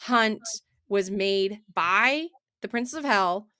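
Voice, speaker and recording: Bright-voiced woman podcast co-host. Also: medium pitch, slow pace, clear, resonant tone, dry recording, studio quality. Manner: animated, lots of fillers and restarts. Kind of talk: casual book discussion.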